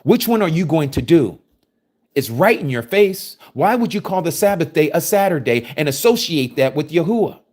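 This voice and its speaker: A man's voice: a little high, sing-song, normal speed, darkish tone. A man preaching a scripture study, reading verses aloud and commenting on them with emphasis. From United States.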